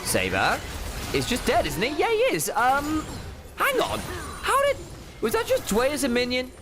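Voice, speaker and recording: A man casting a pro game with quick play-by-play calls and silly, rambling asides. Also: very high-pitched, wildly swooping pitch. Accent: English. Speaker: esports caster. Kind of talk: play-by-play esports commentary. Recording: music bed under the voice.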